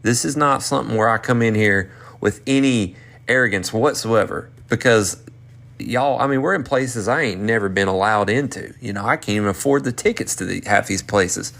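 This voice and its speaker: A man in his thirties from North Carolina with a Southern accent, excitedly telling a rambling story. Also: on the low side, normal speed, vocal fry. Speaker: performer and vlogger. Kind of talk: casual storytelling recap.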